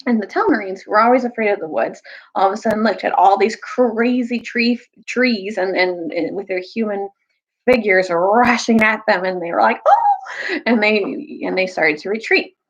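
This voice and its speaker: Brief: young woman, storytime reader, lively kid-friendly delivery, slightly muffled lo-fi sound. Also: normal speed. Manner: animated, jumps high for quoted characters. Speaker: storyteller reading aloud to children. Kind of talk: casual storytime recap and read-aloud.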